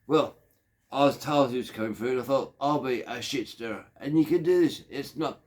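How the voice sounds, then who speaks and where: A man's voice: medium pitch, moderate pace. A man in his fifties with an Australian accent, telling a crude, digressive story in a rambling monologue. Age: 50s. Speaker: factory worker.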